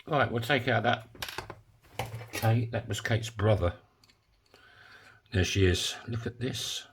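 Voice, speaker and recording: A man's voice: lowish voice, slow, background noise. A man talking casually while making a coin ring in his workshop, full of joking, rambling asides. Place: home workshop.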